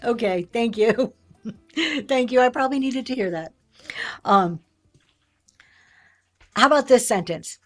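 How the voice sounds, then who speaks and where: A middle-aged woman hosting a casual livestream, chatty and quick to laugh as she reads viewer comments. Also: on the high side, faint music behind. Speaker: live-sale seller and host. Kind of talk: casual livestream business talk.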